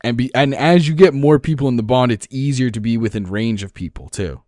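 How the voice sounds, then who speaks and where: A man with a New Jersey accent, co-hosting a podcast and explaining game rules in casual, excited chat, swearing freely. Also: mid-range voice, brisk, no room sound, studio quality. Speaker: podcast co-host.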